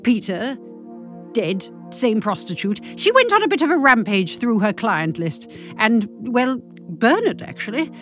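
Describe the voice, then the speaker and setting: A woman reading a comic monologue with dry, deadpan delivery. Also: on the high side, a little slow, soft background music. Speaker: comic storyteller.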